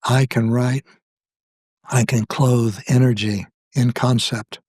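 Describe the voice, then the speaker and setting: Older man, slow and measured, dry sound. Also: medium pitch, fairly even intonation, a little mellow, husky, no echo. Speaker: guest, spiritual author. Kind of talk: reflective conversation.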